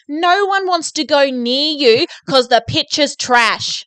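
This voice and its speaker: Aussie woman ranting n swearing on a podcast, lively pitch, dry close sound. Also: normal speed, no echo. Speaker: podcast co-host. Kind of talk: casual chat.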